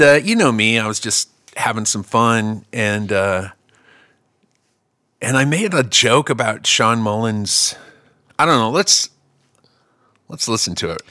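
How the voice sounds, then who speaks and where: A middle-aged man telling stories on a podcast in casual, profane chat, slipping into the voices of the people he quotes. His voice sits a little low, and the recording is dry and close. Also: sharp tone, no echo. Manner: profane, joking, acts out both sides of conversations. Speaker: musician and podcast host.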